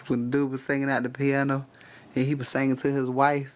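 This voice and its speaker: A man's voice: mid-range voice, monotone, brisk. A man giving spiritual readings on a casual live stream, cursing freely, laughing often and talking straight to his chat.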